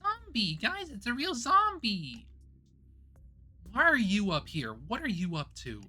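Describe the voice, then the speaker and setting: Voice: mid-range voice, big pitch swings, measured pace, a bit bright, soft background music. A game streamer voicing the heroine's worried young female friends, urgent and insistent. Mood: alarmed. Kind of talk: reading a visual novel aloud.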